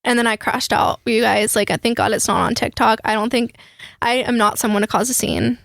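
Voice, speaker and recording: Swearing young woman, gravelly and quick. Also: a little high, dry recording, studio quality. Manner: animated, swearing, quick storytelling. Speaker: podcast host. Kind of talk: casual storytelling chat.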